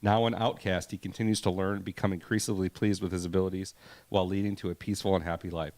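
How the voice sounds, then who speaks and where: A man's voice: sits low, little pitch movement, quick pace, a little mellow. A man co-hosting a casual podcast, rambling and reading facts aloud with laughs. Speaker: podcast co-host. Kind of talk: casual chat.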